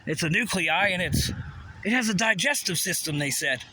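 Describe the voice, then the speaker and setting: A man's voice: sits high, lively intonation, moderate pace, pushed and bright, a little hiss or hum. A man delivering a rambling, profane, conspiratorial monologue, often asking rhetorical questions. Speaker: vlogger.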